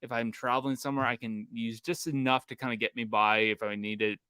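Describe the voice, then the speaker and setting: Smooth-voiced man telling a rambling story. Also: mid-range voice, fairly even intonation, brisk, bright, forceful tone, no echo. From Canada. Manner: rambling storyteller, self-described polite. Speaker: podcast co-host. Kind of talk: casual chat.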